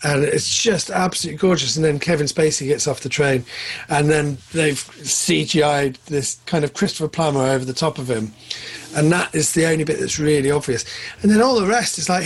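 A man co-hosting a podcast, chatting casually about films, excitable and jumping up in pitch when enthused. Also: brisk, husky. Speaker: podcast co-host. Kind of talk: casual film chat.

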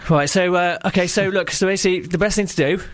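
A man's voice: high voice, fairly even intonation. A man co-hosting a casual banter show, rambling and correcting himself as he goes. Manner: rambling, halting, self-correcting. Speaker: radio co-host.

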